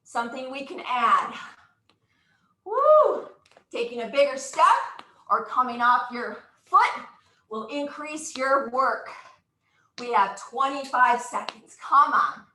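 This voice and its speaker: High, bright upbeat woman coaching exercise. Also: slow pace, roomy sound, poor audio. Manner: upbeat, encouraging, counts out moves with whoops. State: out of breath. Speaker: exercise instructor. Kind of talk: live exercise class coaching.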